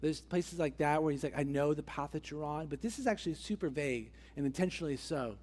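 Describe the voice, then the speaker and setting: A man's voice: fairly high pitch, fast talker, darkish tone. A man preaching a conversational sermon as a pastor, acting out the characters' voices as he tells the story. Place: church sanctuary. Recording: long church hall reverb.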